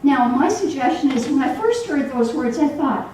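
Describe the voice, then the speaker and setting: A woman minister giving a sermon to a congregation in a church hall, animated and acting out the voices she quotes. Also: sits high, normal speed, a little hiss or hum. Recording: echoey hall, voice from far off.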